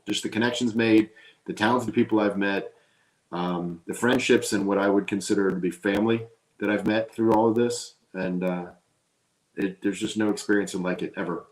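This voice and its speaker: A man, an actor being interviewed, talking in an earnest, rambling and self-deprecating way, often restarting his sentences. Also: on the low side. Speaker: actor guest. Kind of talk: casual interview chat. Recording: roomy echo.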